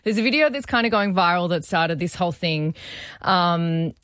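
A woman's voice: fairly low pitch, expressive, moderate pace, a bit bright, dry recording. A woman with an Australian accent co-hosting breakfast radio, chatty and emphatic with a giggly edge, on a studio microphone. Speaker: radio co-host.

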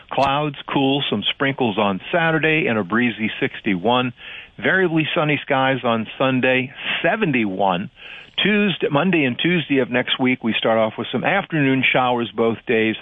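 A man's voice: mid-range voice, no echo. Radio weather guy, chill and chatty, phone-ish narrow sound. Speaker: radio meteorologist. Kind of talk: radio weather forecast and banter.

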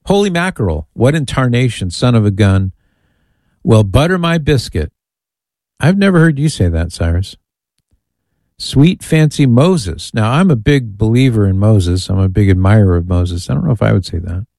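A man's voice: lowish voice, lively intonation, normal speed, creaky, mellow, no echo. A man hosting a call-in radio show, playfully reading out lists with amused asides. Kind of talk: casual talk radio.

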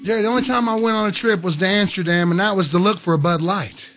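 A man's voice: high voice, quick pace, a bit bright. A man co-hosting a casual talk show, joking bluntly and keeping it down-to-earth. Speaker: co-host. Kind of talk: casual banter.

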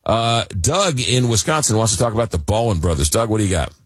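A husky-voiced man hosts late-night radio, his pitch leaping around as he talks. He tells stories casually, full of asides and restarts. The sound is close and dry. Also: dry recording. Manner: animated storyteller, quick asides and restarts. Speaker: radio talk show host. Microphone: studio microphone.

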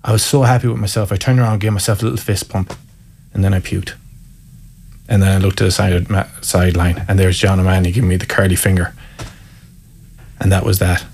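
A man's voice: low-pitched, little pitch movement, a little fast, vocal fry, a little mellow, a little hiss or hum. A man from County Mayo with an Irish accent, a guest telling candid, self-mocking stories and reflecting openly in conversation. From Ireland, County Mayo. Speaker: guest, former Gaelic footballer. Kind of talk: storytelling in conversation.

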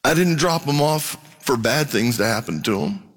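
Brief middle-aged male pastor, animated sermon delivery, dramatic pitch jumps, mid-range voice. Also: normal speed. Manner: animated, dramatic preaching with sudden rises.

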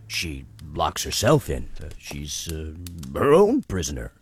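A man's voice: medium pitch, very animated, a little slow, noisy background. A man playing a nervous palace servant who hesitates and stumbles over his words in a radio drama. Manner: hesitant, full of uh's.

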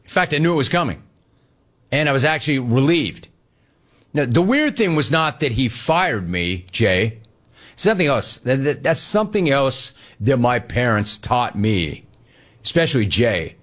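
A man hosting a sports talk show with a mid-pitched voice that sits in the usual middle range. He talks in a casual way, reading out listener messages and breaking into animated stories. Along the way he mimics the people he quotes. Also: measured pace.

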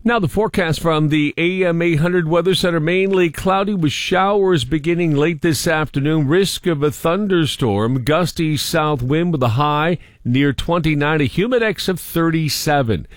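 A man reads the news and weather on the radio in a crisp, steady voice. His pitch sits a little high for a man. The sound is dry and close. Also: normal speed, hardly any pauses, no room sound. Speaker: newsreader.

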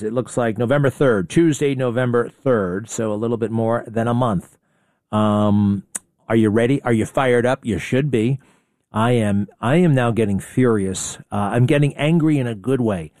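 A man's voice: a little high, a little mellow, no echo, studio quality. A man hosting a talk radio show, delivering a combative, sarcastic monologue full of rhetorical questions.

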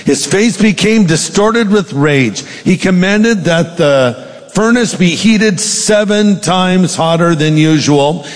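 A man's voice: sits high, lively intonation, slow, long reverb tail. A male pastor preaching a sermon, reading scripture aloud with dramatic emphasis.

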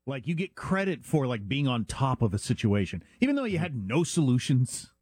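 A man co-hosting a radio talk show, chatting in a wry, animated, conversational way. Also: medium pitch, normal speed, slightly rough, no room sound, studio quality. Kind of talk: casual talk radio chat.

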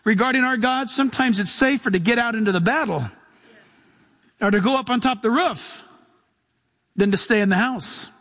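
A man preaching a sermon as pastor, animated, acting out voices and shouting at times. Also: very high voice, normal speed, pauses often. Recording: long hall reverb.

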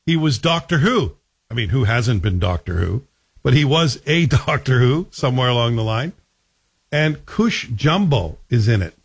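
A man's voice: medium pitch, expressive, moderate pace, creaky, slightly rough. A man giving a casual spoken TV review in a wry, conversational way, often asking the listener questions.

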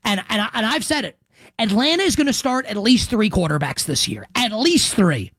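A man's voice: sits high, big pitch swings, fairly quick, fairly bright tone, husky, no room sound. A man hosting a sports radio show, making emphatic predictions with crude joking asides. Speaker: sports talk host.

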